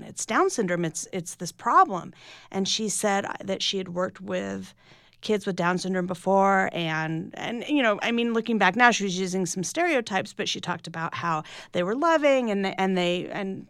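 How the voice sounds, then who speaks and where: A woman's voice: mid-range voice, smooth, no echo, studio quality. A middle-aged woman, an author talking candidly and reflectively in a radio interview, often restarting her sentences. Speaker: author and guest.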